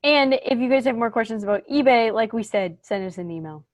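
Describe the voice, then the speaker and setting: Relaxed woman podcast co-host. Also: fairly high pitch, fairly quick, no room sound. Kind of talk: casual podcast chat.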